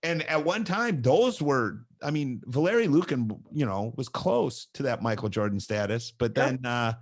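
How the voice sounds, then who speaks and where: A man's voice: mid-range voice, normal speed. Chatty male podcast host. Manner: animated storyteller who acts out quoted lines. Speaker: podcast host and gymnastics coach. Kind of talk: casual chat.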